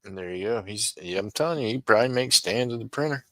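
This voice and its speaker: A man chats on his livestream, drifting from thought to thought and calling out to viewers by name. His voice sits low but comes across bright and forceful. The sound is dry and close. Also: animated, fast, no echo, poor audio. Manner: rambling, chatty, talks to viewers by name. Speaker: livestream seller. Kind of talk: casual livestream chat.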